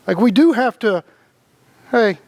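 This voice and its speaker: High-voiced man rambling with laughs. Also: animated, unhurried, a little mellow, slight background noise. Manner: rambling, repeats words, laughs often; acts out quoted voices. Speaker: podcast co-host. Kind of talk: casual spiritual chat.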